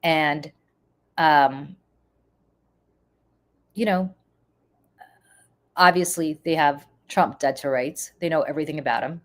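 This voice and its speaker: A woman's voice: low voice, fairly even intonation, slow, long pauses. A woman with a congested voice, giving casual live-stream political commentary and chatting with viewers, with frequent ums.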